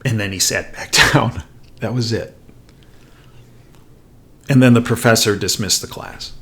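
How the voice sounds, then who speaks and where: A middle-aged man hosting a show, telling an anecdote in an animated way and acting out the quoted lines. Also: fairly low pitch, unhurried. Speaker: host. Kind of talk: storytelling commentary.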